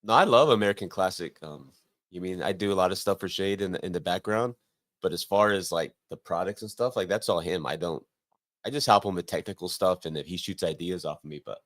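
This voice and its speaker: A man's voice: low voice, a little fast, a bit bright, no room sound, clean studio sound. A man in his forties in casual, joking conversation as a guest on a live stream. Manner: joking, teasing. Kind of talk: casual chat.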